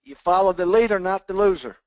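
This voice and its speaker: A man's voice: high-pitched, a little fast, a little mellow, no room sound, highs cut off. An older man leading a motivational business coaching talk over a phone conference line, folksy and plainspoken, often checking in with his listeners. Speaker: business trainer leading a team call.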